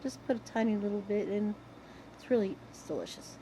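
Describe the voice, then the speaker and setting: A woman's voice: medium pitch, lively intonation, brisk, dark tone, a little hiss or hum, rough recording. An older woman rambling casually to the camera in a chatty vlog, wandering between tangents. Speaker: vlogger.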